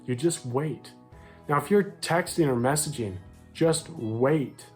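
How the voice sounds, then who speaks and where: A young American man talks straight to the viewer as a dating coach, upbeat and direct, acting out short quoted lines as he goes. His voice sits a little high. Faint music plays underneath. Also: slow pace. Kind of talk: direct-to-camera advice talk.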